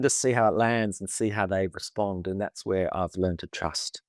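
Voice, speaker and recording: Speaking at normal speed in a deep voice with fairly even intonation, a man co-hosts a podcast as a therapist and shares a personal story in an emotive, chatty style. It's casual conversation, recorded at studio quality with no echo.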